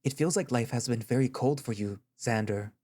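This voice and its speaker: A man voicing a gentle, caring male therapist who speaks in a soft, reassuring, patient way in an audio story reading. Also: medium pitch, normal speed, natural voice. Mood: earnest.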